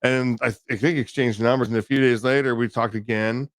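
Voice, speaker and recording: A man's voice: medium pitch, fairly even intonation, brisk, dry recording. A man co-hosting a podcast, telling long rambling stories with a lot of swearing. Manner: profane, rambling storyteller. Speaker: podcast co-host. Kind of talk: casual podcast chat.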